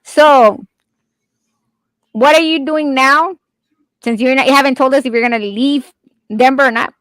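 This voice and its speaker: A woman with a high, bright-pitched voice, chatting casually and swearing freely as she laughs her way through stories. The sound is dry and close, with no room echo. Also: a little slow. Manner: chatty, profane, laughs often. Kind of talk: casual chat.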